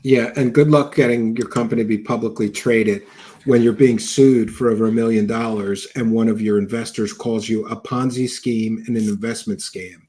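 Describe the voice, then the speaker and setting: A man's voice: on the low side, steady tone, moderate pace, mellow, husky. A man hosting a show, giving mocking, sarcastic commentary over video clips and thanking viewers for donations. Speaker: show host reacting to clips.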